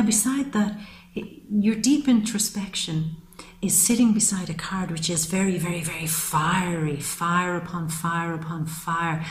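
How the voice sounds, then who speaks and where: A woman's voice: medium pitch, darkish tone. A woman giving an earnest, flowing monthly tarot reading to camera, repeating phrases for emphasis. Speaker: tarot reader. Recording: roomy echo.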